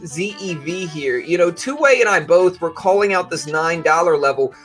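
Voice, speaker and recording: A man's voice: a little high, expressive, normal speed, a bit bright, soft background music. A young man hosting a casual trading livestream, chatty and loose, often restarting his sentences. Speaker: trading streamer.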